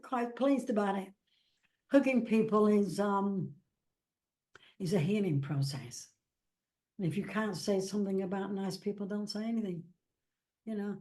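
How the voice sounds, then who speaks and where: English woman, medium-pitched, rambling storyteller, acts out quotes, casual interview. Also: normal speed, darkish tone. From England. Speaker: psychic medium and author.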